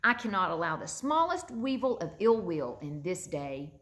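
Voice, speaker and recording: A woman reading a storybook aloud and voicing an eager, lively young boy. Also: lowish voice, moderate pace, a little hiss or hum. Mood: playful scolding. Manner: bright, excited, scolding fondly.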